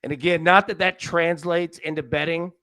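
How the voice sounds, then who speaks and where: A man's voice: a little high, steady tone, moderate pace, sharp tone, no room sound. A man hosting a live sports betting show, rambling and joking with frequent restarts. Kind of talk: casual live show chat. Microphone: studio mic on a live stream.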